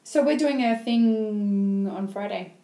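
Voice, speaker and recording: A woman's voice: medium pitch, slow, warm tone. A woman hosting a podcast, playful and chatty, with casual slang. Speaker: podcast host. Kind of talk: casual chat. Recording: echoey room.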